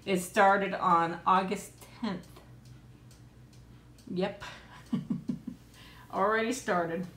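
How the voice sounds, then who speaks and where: Middle-aged woman, casual live stream chat, home tablet mic, giggly and chatty, mid-pitched voice, roomy echo. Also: fairly even intonation, drawn-out words, long pauses, fairly bright tone, slight background noise. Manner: chatty, laughs often, coos at her pet.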